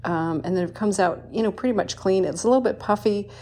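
A woman's voice: medium pitch, fast, warm tone, slight background noise. A woman hosting a casual home baking vlog in her kitchen, chatty and enthusiastic, with lots of ums and appreciative mms. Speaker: baking show host.

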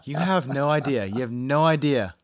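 Clean studio audio with no echo carries a mid-range male voice at a moderate pace. He's a podcast co-host chatting casually on a video call, full of teasing jokes and mock outrage.

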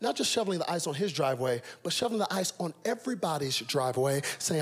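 A middle-aged male pastor from the United States, preaching a sermon with animated, comic storytelling and big swings in pitch. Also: fast, hardly any pauses, breathy edge.

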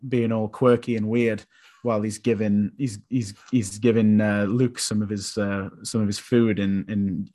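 A young man co-hosting a podcast, talking enthusiastically about a film, rambling with restarts. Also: lowish voice. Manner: enthusiastic, rambling, with animated quoted voices. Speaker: podcast co-host. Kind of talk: casual film discussion.

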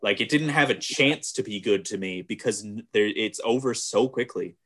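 Laid-back man chatting about films. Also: normal speed. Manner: animated, recaps scenes with loud high-pitched exclamations and laughter. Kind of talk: casual chat.

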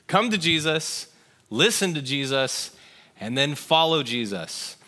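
A male pastor delivers a sermon in an earnest, conversational way. His voice sits a little high and sounds bright and forceful, and he swings from raised emphatic lines to quiet, hushed ones. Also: big pitch swings, unhurried. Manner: earnest, shifts between raised emphasis and soft hushed tones.

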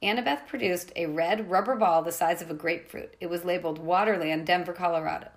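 Woman with a low, gravelly reading voice. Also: steady tone, fast talker. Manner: plain reading with small slips and restarts. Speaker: reader. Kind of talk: reading a novel aloud.

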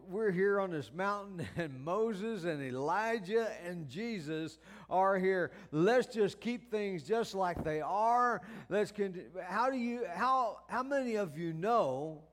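A male preacher with a high-pitched voice delivers his sermon at a slow, deliberate pace. He leans hard on key words and stretches them out. He often backs up mid-phrase and breaks in with exclamations of praise. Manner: drawn-out stressed words and repeated restarts.

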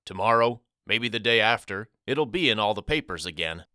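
A widowed working father, scared for his son, as a man reads him. He speaks in low tones, exasperated but never angry, with a clear and forward sound. It fits a storybook read-aloud. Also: a little slow, sharp tone, no echo, clean studio sound.

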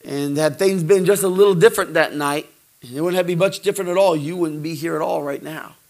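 A middle-aged man preaching a folksy sermon, joking and repeating himself, swinging from quiet asides to shouted praise. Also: a little high, brisk. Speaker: pastor.

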